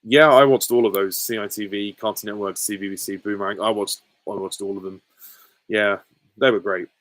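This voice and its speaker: Male host from England, casual Q and A, low voice, dry close sound, hesitant and rambling. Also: fairly even intonation, brisk, a bit bright, no echo, poor audio. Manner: rambling, hesitant, many ums and chuckles. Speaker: channel host answering viewer questions. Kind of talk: casual Q and A chat.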